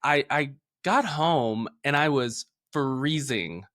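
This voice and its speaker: A man in his thirties co-hosting a podcast, telling an animated story in casual chat and acting out both sides of conversations, low on energy after an illness. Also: slow, dry recording, clean studio sound. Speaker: podcast co-host.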